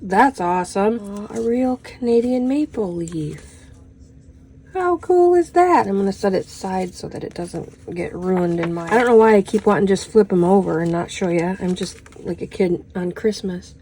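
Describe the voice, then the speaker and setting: A woman's voice: medium pitch, expressive, normal speed, dark tone, a little hiss or hum, poor audio. A woman in her fifties chatting through an unboxing at home, gushing and exclamatory with lots of little "oh"s. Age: 50s. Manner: gushing, exclamatory, full of little "oh"s and "how fun"s. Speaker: crafting vlogger unboxing a haul. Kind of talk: casual unboxing chat.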